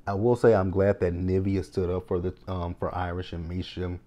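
A man with a low, mellow voice talks through a reality show episode in casual review commentary. He is blunt and openly exasperated, swearing freely as he recaps the scenes and adds his own asides. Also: little pitch movement, moderate pace.

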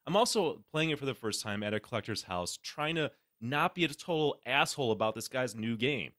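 A man's voice: medium pitch, brisk, no echo, studio quality. A man hosting a podcast, ranting sarcastically and swearing in casual chat. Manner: sarcastic, animated ranting with lots of profanity. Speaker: podcast host.

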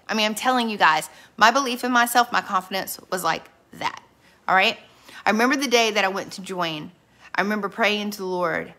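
A woman's voice: mid-range voice, quick pace, sharp tone. A middle-aged woman giving a motivational sales team training, telling earnest stories with quoted dialogue and speaking straight to her listeners. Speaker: direct sales team leader.

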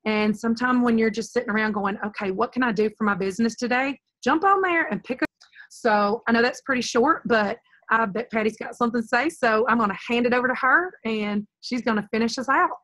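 Casual, upbeat woman trainer on a video call, higher voice, dry close sound. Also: brisk, fairly bright tone, no room sound, low-quality recording. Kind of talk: online training talk.

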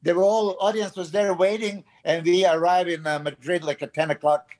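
Guy, pretty high voice, cursing casually. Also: fairly even intonation, moderate pace, a little mellow. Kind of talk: casual chat.

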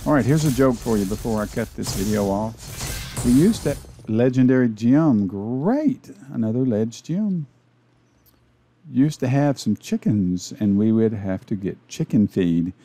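Southern arkansas guy chatting over his game, slow easy talk, warm dark voice, cracking jokes. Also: mid-range voice, lively intonation, a little hiss or hum. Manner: playful, jokey, chatty commentary. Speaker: gaming channel host. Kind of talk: casual gameplay commentary.

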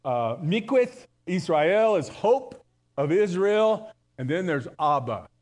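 A man's voice: high voice, big pitch swings, takes it slowly, darkish tone. A male pastor giving a live church sermon in a conversational way, telling jokes and often restarting his sentences. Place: church service.

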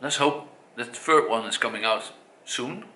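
With a pushed, bright mid-range voice at normal speed, this cigar reviewer speaks casually in a Dutch accent; he's from the Netherlands. Fillers and self-corrections make him sound hesitant, and the room is echoey.

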